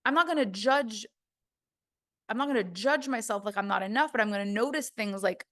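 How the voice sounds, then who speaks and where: A woman's voice: fairly high pitch, fairly quick, fairly bright tone. A woman voice coach teaching an online course, speaking earnestly and emphatically and acting out what her students say to themselves.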